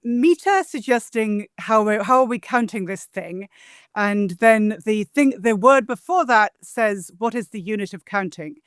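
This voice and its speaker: A woman's voice: medium pitch, expressive, measured pace, no room sound, clean studio sound. A woman translator being interviewed, explaining poetic meter in a scholarly way and tapping out rhythms aloud. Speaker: translator and guest. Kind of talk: interview conversation.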